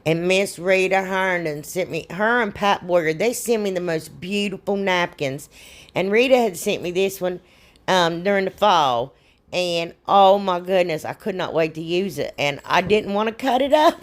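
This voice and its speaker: A woman's voice: lowish voice, lively intonation, normal speed. A woman, hosting a crafts channel, chatting in a rambling, folksy way as she talks through her projects. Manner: rambling and folksy, says y'all often. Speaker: DIY crafts channel host.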